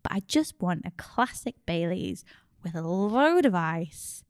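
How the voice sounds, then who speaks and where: A woman's voice: lowish voice, big pitch swings, unhurried, smooth, no echo. Chatty woman, dry close sound. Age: 30s to mid 40s. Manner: chatty, playful, laughs often. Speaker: podcast co-host. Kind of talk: casual chat.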